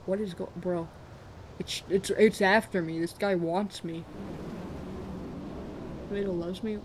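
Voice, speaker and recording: A game streamer rambling through a late-night live session, cracking jokes and laughing at their own bits. Talks loosely to chat, in a mid-pitched, everyday voice. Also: fairly even intonation, normal speed, long pauses, a little hiss or hum. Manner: joking, rambling, laughs often.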